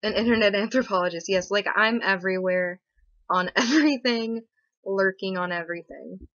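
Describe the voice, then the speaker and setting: Speaking at a moderate pace with a fairly bright tone, a young female livestream host rambles casually and sarcastically, full of fillers. The webcam or laptop mic gives a muffled, dry, low-fi sound.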